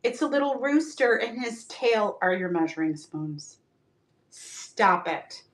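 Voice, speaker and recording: A woman's voice: on the high side, animated, moderate pace. A woman selling items on a live stream in a bubbly, chatty way, greeting viewers by name and joking. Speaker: live-stream auction seller. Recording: echoey room, mic far off.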